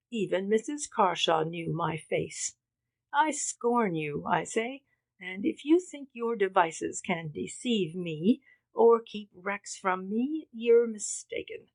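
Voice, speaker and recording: A woman's voice: medium pitch, vocal fry, heavily acted. A woman reading the part of a young orphan woman who defies her captors in a hysterical outpouring. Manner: defiant, hysterical.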